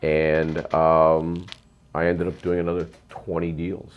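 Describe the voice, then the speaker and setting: Middle-aged man, very low voice, emphatic rambling storyteller. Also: monotone, slow, clear, resonant tone, highs cut off. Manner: rambling, emphatic, frequent ums and uhs. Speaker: real estate investor, guest. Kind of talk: storytelling interview.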